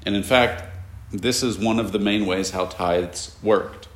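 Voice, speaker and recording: A man's voice: on the low side, a little slow. A man teaching a classroom Bible lesson, explaining at length and asking his students questions, with casual asides. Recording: echoey room.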